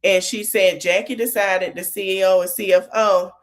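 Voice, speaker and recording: A woman's voice: medium pitch, steady tone, normal speed. A woman podcast host in a casual recap, chatting informally, laughing often and retelling scenes with quoted lines. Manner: informal colloquial speech.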